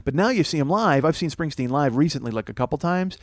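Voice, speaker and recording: Male podcast host, comic rambling monologue, sharp self-mockery, dry close mic. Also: a little high, lively intonation, quick pace, no room sound. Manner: rambling, profane, self-mocking rant. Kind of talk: comedic storytelling monologue.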